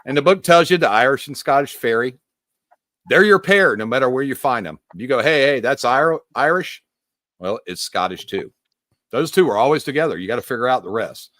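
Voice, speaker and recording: A man's voice: medium pitch, expressive, a little fast, fairly bright tone, no room sound, clean studio sound. A man on a podcast, explaining puzzle clues in emphatic, rambling casual chat with the odd mild curse. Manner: emphatic, rambling, mildly profane. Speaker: podcast co-host.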